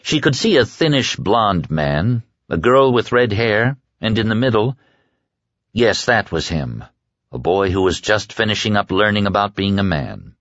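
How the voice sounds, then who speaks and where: A man reading a novel as audiobook narration in a measured storytelling manner. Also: fairly low pitch, animated, fairly bright tone, no echo, lo-fi sound. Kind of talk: scripted narration.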